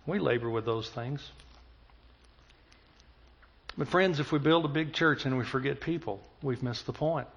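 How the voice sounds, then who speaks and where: A man's voice: medium pitch, measured pace, gravelly, long pauses, a bit bright, slightly rough. Man preaching, muffled lo-fi sound. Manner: storytelling, builds to impassioned emphatic preaching. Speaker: pastor. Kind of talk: sermon.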